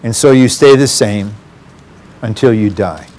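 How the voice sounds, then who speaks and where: A man's voice: fairly low pitch, a little slow, a little mellow. A man preaching a sermon, earnest and addressing the congregation directly.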